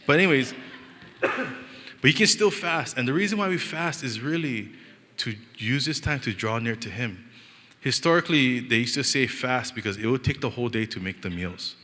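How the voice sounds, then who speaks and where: A young man from Hawaii preaches with a relaxed Hawaiian Pidgin lilt, his voice bright and forward. He tells stories in an animated, joking way and acts out the people in them, and his words ring out in the long reverb of a church hall. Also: mid-range voice, fairly quick. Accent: Hawaiian Pidgin-inflected English. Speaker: pastor. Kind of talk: storytelling sermon.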